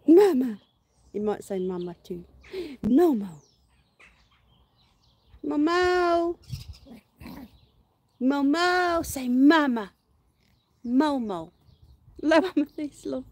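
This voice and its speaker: A woman hosts a casual garden livestream outdoors, chatting to viewers, cooing baby talk at her dog and laughing often. Her high voice has lively intonation, drawn-out words and long pauses, with a darkish tone and no room sound.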